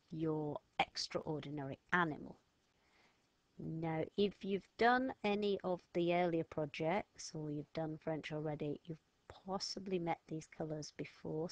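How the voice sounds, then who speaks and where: A woman, teaching a recorded French lesson to children, sounding words out slowly and patiently. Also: lowish voice, darkish tone, no echo.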